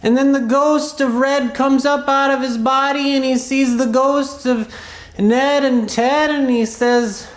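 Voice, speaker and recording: A woman's voice: high voice, fairly even intonation, measured pace, reverberant. A woman telling an improvised children's story in a clown persona, rambling and playful with asides.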